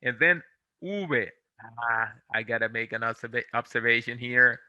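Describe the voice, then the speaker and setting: This Spanish teacher, a native Spanish speaker from Latin America in America, leads an online English pronunciation lesson. His medium-pitched voice comes through a dry, lo-fi recording. He drills syllables slowly and repeatedly, with patient, gentle correction and encouragement.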